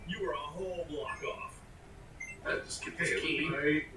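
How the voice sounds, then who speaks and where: A man playing a character who gloats to a friend, slow and boastful. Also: a little high, steady tone, bright, forceful tone, rough recording. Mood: gloating. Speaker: character in a clip played during the video.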